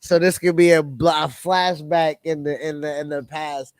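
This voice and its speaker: A young man in a casual podcast chat about sports, excitable and teasing. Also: fairly high pitch, normal speed, smooth, dry recording. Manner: excitable, teasing, says bro.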